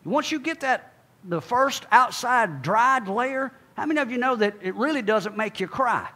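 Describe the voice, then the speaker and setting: Emphatic high-voiced male preacher. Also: animated, normal speed, sharp tone. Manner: emphatic, calls out to the congregation. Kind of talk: sermon.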